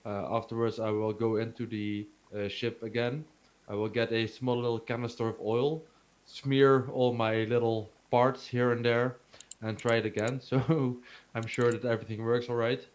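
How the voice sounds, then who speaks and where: A man playing a tabletop game, describing his build in a halting way with many fillers. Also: mid-range voice, flat delivery. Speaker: player. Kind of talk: casual tabletop role-play.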